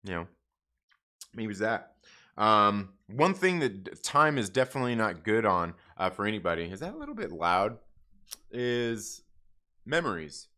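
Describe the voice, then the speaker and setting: A man's voice: on the low side, sing-song, normal speed, sharp tone. A middle-aged man hosting a casual livestream, speaking bluntly and profanely, rambling with frequent restarts. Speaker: comic book channel host.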